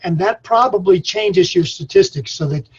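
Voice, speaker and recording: A man's voice: high-pitched, moderate pace, slightly rough, highs cut off. An older man from Colorado giving a webinar lesson on farm stress, talking in a folksy storytelling manner. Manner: folksy, storytelling, says y'all. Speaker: extension speaker on farm mental health. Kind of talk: webinar presentation. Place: his office.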